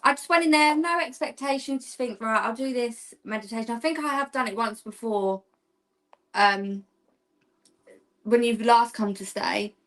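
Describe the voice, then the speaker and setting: A woman's voice: a little high, normal speed, a bit bright. Young woman, rambling giggly guest. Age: young adult. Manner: rambling storytelling with fillers, giggly. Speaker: guest, practicing witch. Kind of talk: casual chat.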